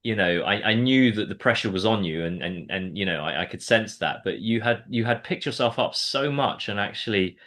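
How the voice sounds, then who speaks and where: A man's voice: on the low side, animated, normal speed, few pauses. A man interviewing a candidate, encouraging and often restarting his words as he talks. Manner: warm encouraging, repeats words when starting sentences. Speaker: exam mentor and interviewer. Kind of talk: casual interview chat.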